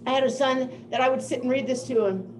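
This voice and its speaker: An older woman giving a presentation to teachers, telling classroom stories in a lively way and laughing often. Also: sits high, quick pace, slight background noise, low-quality recording. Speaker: teacher of deaf students. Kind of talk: presentation to educators.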